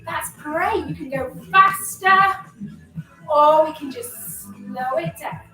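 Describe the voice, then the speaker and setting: A fitness instructor with a high, pushed, bright voice coaches slowly through a live online exercise class at home indoors. Slightly winded, she mixes upbeat cues and countdowns with chatty asides, heard at a distance over room echo and faint music.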